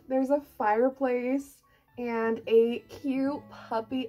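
A woman's voice: fairly high pitch, slow, dull audio, faint music behind. Gushing young woman unboxing books. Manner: gushing, excitable, lots of "like" and swearing. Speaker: book vlogger and author. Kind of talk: casual unboxing vlog.

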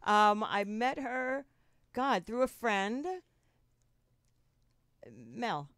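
A woman's voice: on the high side, sing-song, very slow, a bit bright, clear, resonant tone, dry recording, studio quality. A woman from New Jersey with a Jersey accent, hosting a podcast in casual, rambling chat and laughing often. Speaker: podcast host. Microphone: studio mic.

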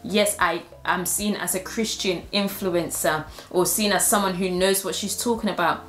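A woman's voice: on the low side, fairly even intonation, moderate pace, fairly bright tone, roomy sound, soft background music. A woman and Christian influencer sharing a personal testimony in an earnest, heartfelt way.

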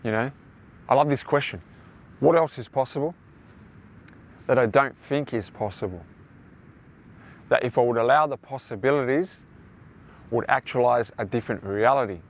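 A man's voice: mid-range voice, normal speed, long pauses. A young man hosting a motivational self-help talk, rambling and repeating himself as he addresses listeners as his friends. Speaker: host.

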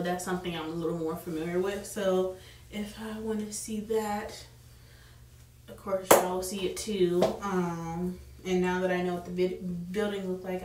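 A woman's voice: mid-range voice, roomy sound, far from the mic, slight background noise. A young woman talking casually to her camera at home, rambling with lots of fillers about her evening out. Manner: rambling, filler-heavy, chatty. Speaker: vlogger. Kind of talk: casual vlog chat to camera.

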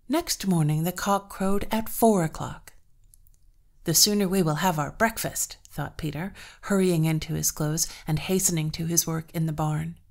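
Measured low-voiced woman storyteller. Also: creaky. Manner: measured, expressive reading. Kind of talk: scripted narration of a folktale.

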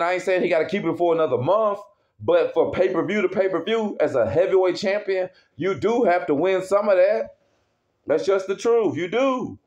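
A man's voice: a little high, darkish tone. A man angrily ranting as a wrestling fan, heavy with profanity and worked up. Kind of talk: casual rant. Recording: dull lo-fi recording.

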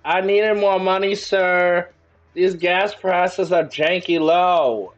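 A man giving excitable, joking commentary while playing a video game, often breaking into exclamations. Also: high voice, slow, muffled recording, faint music behind. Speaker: gaming YouTuber. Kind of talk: let's-play commentary.

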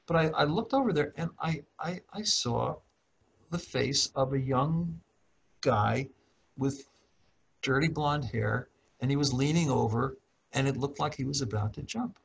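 A middle-aged man, a professor, calmly telling a personal story in a talk, often clearing his throat and restarting his sentences. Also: medium pitch, a little slow, poor audio. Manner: calm, reflective, frequent throat clearing and restarts. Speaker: professor and author.

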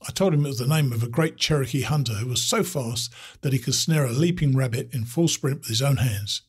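A man voicing a wry, easygoing male trail veteran who jokes with a dry, teasing humor in a husky voice. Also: medium pitch, brisk. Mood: wry, joking.

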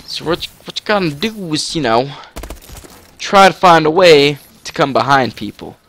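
A man giving casual gameplay commentary, excitable, with sudden shouts and yelps. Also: on the high side, normal speed. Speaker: gaming commentator.

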